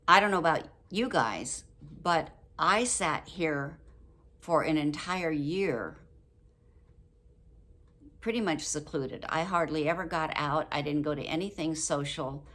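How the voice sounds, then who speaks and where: An older woman talking casually to camera about a book, chatty and quick to laugh, acting out example phrases. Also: deep voice, sharp tone. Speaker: book review vlogger.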